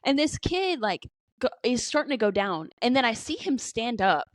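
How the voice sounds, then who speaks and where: Her voice is a little high with big pitch swings, at normal speed on a dry recording. A twentysomething co-host of a casual podcast, she chats through stories loaded with "like" and "you know," cursing from time to time.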